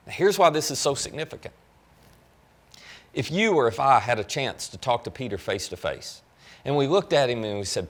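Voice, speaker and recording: A man's voice: mid-range voice, expressive, moderate pace. A male pastor preaching a sermon, telling a story and voicing imagined lines for the people in it. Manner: voices imagined lines for the apostle and the listener in his own voice; rising and falling emphatic preaching.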